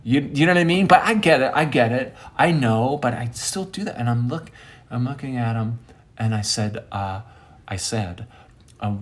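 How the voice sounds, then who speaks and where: A man telling a comic story as a monologue host, rambling and interrupting himself, with lively jumps in pitch. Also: normal speed.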